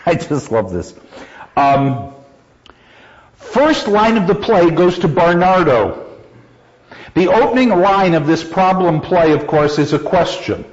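A male teacher lecturing in a classroom, his fairly high voice swinging up and down as he laughs and acts out quoted lines. The recording sounds dull and lo-fi, as if taped in class. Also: lively intonation, slow, long pauses. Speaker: literature teacher.

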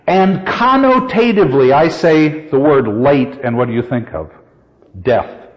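An older man teaching a poetry class, reading verse aloud with slow, emphatic stress and putting questions to his students. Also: on the high side, lively intonation. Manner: asks the class questions and answers them. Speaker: literature teacher. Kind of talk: classroom lecture. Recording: dull, lo-fi sound with long hall reverb.

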